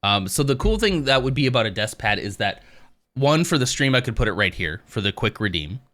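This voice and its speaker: A man with a smooth, mid-range voice streams live from his home office at a fairly quick pace. Relaxed and a bit rambling, he chats casually and talks to his viewers in chat.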